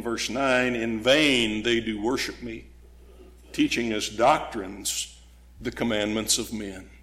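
A man preaching a sermon, emphatic, with dramatic pauses and sudden loud stresses, now and then mocking opponents' voices. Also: mid-range voice. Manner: acts out voices of critics with mock gasps.

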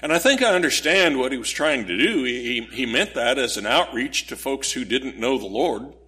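A man's voice: medium pitch, lively intonation, moderate pace, sharp tone. A man preaching a sermon, explaining scripture in an earnest, teaching way and posing rhetorical questions to his listeners.

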